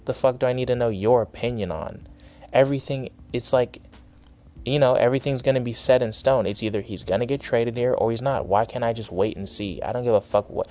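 A young podcast host with a warm, mid-range voice speaks fairly quickly in a solo rant. He's angry and heated, casual in tone, and swears a lot.

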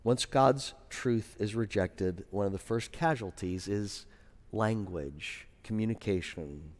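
A man pastor preaching a sermon in a conversational way, with wry asides and quieter serious points. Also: lowish voice, slow pace, long reverb tail.

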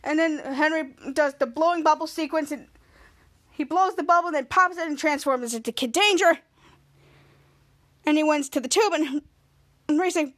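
A woman podcast host casually recaps an episode scene by scene, rambling along with plenty of "cut to" and "he's like." Her voice sits high and is a bit bright, at a moderate pace with frequent pauses.

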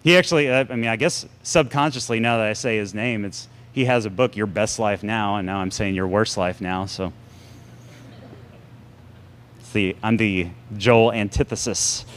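A man preaching a sermon to a congregation, animated and sarcastic, with big swings in pitch. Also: normal speed, slight background noise. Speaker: pastor.

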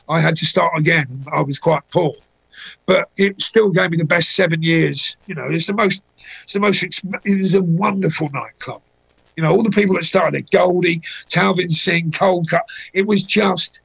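A middle-aged man spins anecdotes in a casual chat, his voice rough and gravelly with a husky edge. He sits a little high for a man. He jumps into the voices of the people in his stories. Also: rough recording. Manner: anecdotal, animated when voicing people in stories. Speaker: guest.

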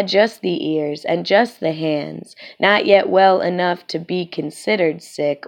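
A woman poet performing spoken-word poetry with a measured, rhythmic, deliberate delivery. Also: on the low side, gravelly, highs cut off.

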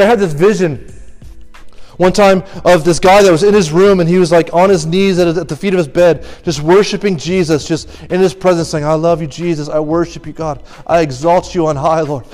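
A young man with a high voice preaches a sermon to a youth crowd. He pushes hard with question after question, urgent and exhorting. Faint music plays behind him. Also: a little mellow.

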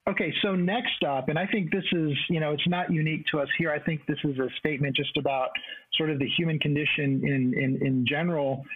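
A man's voice: a little high, steady tone, fairly quick, breathy edge, no room sound. A man from the US-Mexico border in Texas, co-hosting a casual chat and speaking with many restarts and fillers. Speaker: co-host. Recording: tinny phone-like line.

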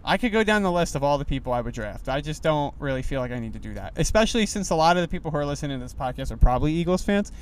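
A young man hosting a solo podcast while driving, rambling in a loose, animated way with lots of fillers. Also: on the high side, very fast, hardly any pauses, a little hiss or hum. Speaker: podcast host. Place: inside a car.

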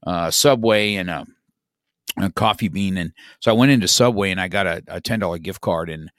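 A man's voice: deep voice, a little fast, fairly bright tone, no echo, clean studio sound. A middle-aged man, a podcast guest, telling a story in casual chat, rambling with many restarts and "you know, man.".

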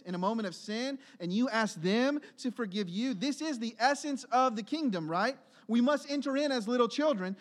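Earnest at first, a fairly high-voiced male pastor delivering a church sermon works his way up to urgent, emphatic exhortation.

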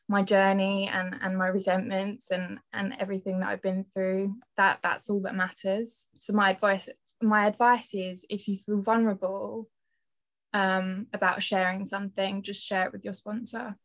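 Young female guest, halting personal storytelling, narrow pitch range. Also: flat delivery. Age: young adult. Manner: hesitant, halting with restarts. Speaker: podcast guest.

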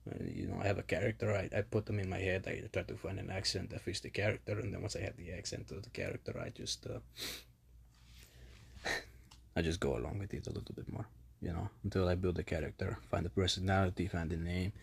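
Suave Spanish man from Spain, voiced by a man, Spanish accent, hushed, lower pitched. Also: fast talker, gravelly, slightly rough, heavily acted. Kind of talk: improvised character voice.

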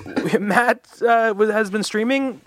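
A young man with a high-pitched, fairly bright voice hosts a podcast at a measured pace. He chats casually and rambles, with lots of fillers and restarts.

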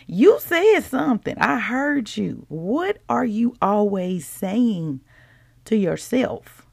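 Lady hosting a faith podcast, playful and preachy, gravelly voice, dry close mic. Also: fairly high pitch, lively intonation, unhurried, no echo. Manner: playful, preachy, talks straight to listeners. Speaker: podcast host. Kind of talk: casual devotional podcast talk.

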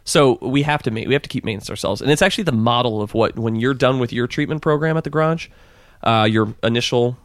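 A man in his thirties, a podcast guest, telling a story in a fast, animated way with many restarts. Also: medium pitch, no echo, studio quality. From Southern California. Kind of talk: casual storytelling.

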